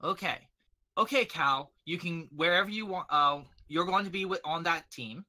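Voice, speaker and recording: Bright-voiced male game master. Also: fairly high pitch, normal speed. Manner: loose narration with many fillers. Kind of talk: narrating a tabletop game.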